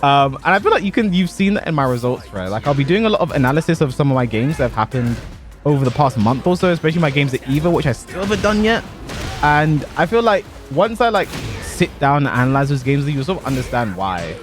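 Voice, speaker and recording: A young man with a slightly raised voice talks loosely over his gameplay. He is animated and hyperbolic, laughing at himself at times, and faint music plays behind him. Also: a little high, quick pace. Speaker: pro fighting game player and content creator. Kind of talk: casual commentary over gameplay.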